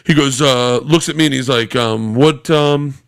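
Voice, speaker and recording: A man in his forties, a podcast guest, tells a rapid, swear-filled anecdote in casual conversation. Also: medium pitch, gravelly, clean tone. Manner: animated, profane, rapid-fire storytelling.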